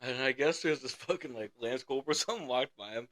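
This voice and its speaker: A man's voice: medium pitch, fast talker, a bit bright, slight background noise. A young man casually telling a rowdy story on a podcast, swearing constantly and laughing as he talks. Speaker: podcast co-host.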